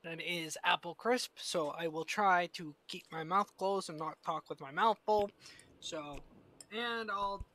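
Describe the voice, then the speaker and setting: A man's voice: fairly high pitch, moderate pace, hardly any pauses, sharp tone, no room sound. A man streaming a strategy game, chatting casually and thinking aloud as he plays, into a desk microphone. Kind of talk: casual live-stream commentary.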